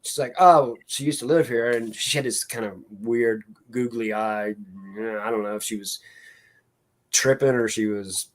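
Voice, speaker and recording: A man's voice: on the low side, steady tone, a little slow. Rambling man telling stories. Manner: rambling storyteller with many fillers and restarts. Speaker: co-host. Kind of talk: casual chat on a live stream.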